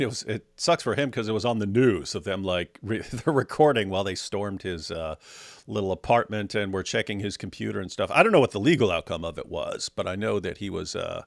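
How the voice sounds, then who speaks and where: A man's voice: fairly low pitch, creaky, no room sound, studio quality. A man co-hosting a livestream in casual chat, reacting to viewer comments with jokes and frequent laughter. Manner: jokey, laughs often, many restarts. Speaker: livestream co-host.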